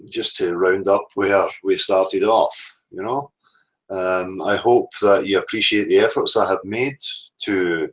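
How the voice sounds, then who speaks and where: Scottish man hosting a livestream, a bit low, loose and hesitant. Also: fairly bright tone, poor audio. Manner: rambling, hesitant with many ums. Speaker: livestream host. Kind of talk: casual live chat sign-off.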